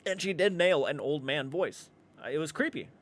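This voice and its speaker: A man with a slightly higher than average voice rambles through his reaction commentary. He restarts his sentences often and swears casually, in an unpolished, chatty way. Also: lively intonation, moderate pace. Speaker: reaction channel host.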